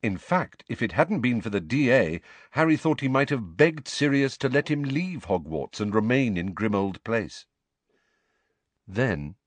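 Expressive man narrating an audiobook. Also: lowish voice, breathy edge, no echo. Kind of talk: scripted narration.

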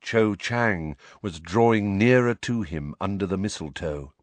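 A man reading a fantasy novel aloud as an audiobook narrator, measured and expressive. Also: sits low, no room sound. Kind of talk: scripted storybook narration.

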